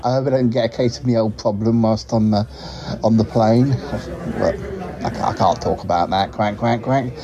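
A man's voice: lowish voice, fairly even intonation, normal speed, lo-fi sound, crowd noise, natural voice. A man voicing a chatty, good-natured talking duck on his travels, who rambles, giggles and tacks quacks onto his sentences. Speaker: roving reporter. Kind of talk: comic character monologue.

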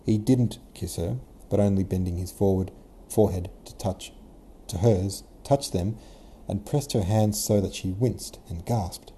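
A man narrates a novel in a relaxed, modern way, now and then correcting himself. His voice is low and mellow with a dark tone. A faint ambience hum sits in the background. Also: measured pace, hardly any pauses. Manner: casual modern retelling, occasional self-corrections. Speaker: podcast host and audiobook reader. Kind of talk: scripted narration.

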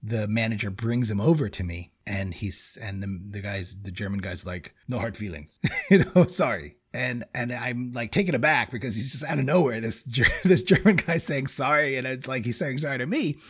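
A man in his forties, husky and a little breathy, mid-pitched, telling a story with lots of energy and frequent laughs. he speaks in a relaxed, conversational way. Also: brisk, few pauses. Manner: animated storyteller, laughs often between phrases. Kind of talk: casual conversation.

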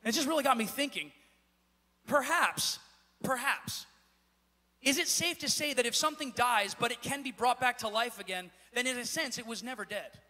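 A man pastor preaching a sermon in a church, with a repetitive, building cadence that rises to shouts. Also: very high voice, fast, hardly any pauses. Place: church sanctuary. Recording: echoey church hall.

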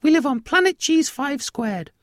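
A man doing a tiny squeaky alien mouse empress. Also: animated, moderate pace, dry recording, studio quality. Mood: regal. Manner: high, formal, proud.

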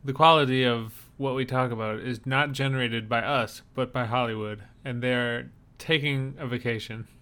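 A male podcast co-host with a bright, smooth and clear voice. He drops dry, wry comments into an easy conversation. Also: medium pitch, fairly even intonation, moderate pace, hardly any pauses. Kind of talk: casual chat.

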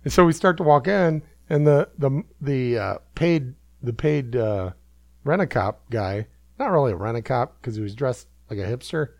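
Rambling, gravelly male host, animated storyteller, dry close mic. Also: medium pitch, moderate pace, no echo. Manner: rambling, self-amused, many fillers. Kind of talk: casual storytelling.

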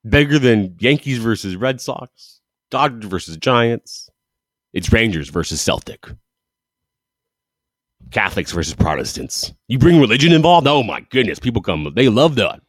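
A man's voice: mid-range voice, animated, normal speed, dry recording, studio quality. A man hosting a football show, talking through results with eager, rambling enthusiasm and frequent restarts. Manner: enthusiastic, rambling, self-correcting. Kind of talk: casual sports commentary monologue.

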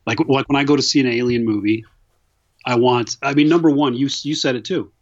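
A man's voice: medium pitch, steady tone, brisk. A male podcast host in loose, casual conversation. He tells rambling stories, swears freely and breaks into laughter often. The audio is a little dull and lo-fi. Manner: laughing storyteller, profane, rambling. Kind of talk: casual chat.

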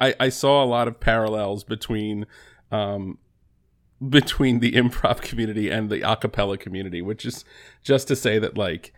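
A man co-hosts a comedy podcast in a relaxed, rambling way. He pokes fun at himself with dry, wry asides. His voice sits in a plain middle pitch. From New Jersey. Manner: wry, rambling, self-deprecating. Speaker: podcast co-host. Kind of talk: casual comedic chat.

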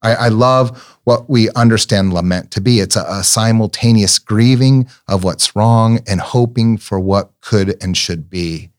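With a lowish voice and an unhurried delivery that has hardly any pauses, a middle-aged man offers a sincere, thoughtful sermon-style talk. He tells personal stories gently and frequently repeats words as he gropes for what to say.

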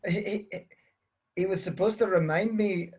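A man's voice: sits high, a little slow, darkish tone, highs cut off. A man, a podcast co-host who trades mock insults and laughs at himself. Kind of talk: casual chat.

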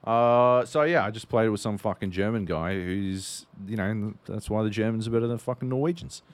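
A man's voice: lowish voice, normal speed, dry recording. A man co-hosting a podcast in casual chat, telling a rambling story with plenty of swearing. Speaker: podcast co-host.

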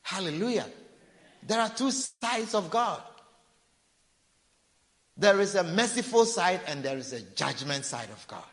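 A man delivers a sermon with insistent repetition, now and then acting out a sinner's pleading. His voice sits a little higher than most men's. The sound carries a long reverb, as in a large church hall. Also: big pitch swings, a little slow, pauses often, a bit bright. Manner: preaching with repetition and acted-out pleading. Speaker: preacher.

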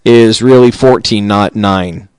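Low-voiced man ranting profanely. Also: takes it slowly, clean tone. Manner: swears constantly, rising into shouted outrage. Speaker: podcast host. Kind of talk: profane comedic rant. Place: small studio booth. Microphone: studio mic.

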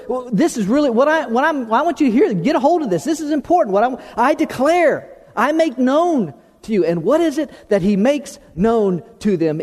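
Casting: male pastor, high voice, emphatic sermon delivery, church reverb. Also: mellow. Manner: emphatic, repeats and restarts words, slows for key terms. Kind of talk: sermon with opening prayer. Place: church sanctuary. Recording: long hall reverb.

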